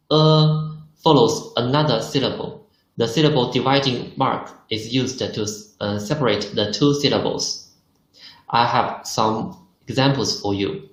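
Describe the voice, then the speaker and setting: A man's voice: mid-range voice, fairly bright tone, reverberant, low-quality recording. A male teacher, speaking English patiently in an online lesson and modelling pronunciation. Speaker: Chinese language teacher.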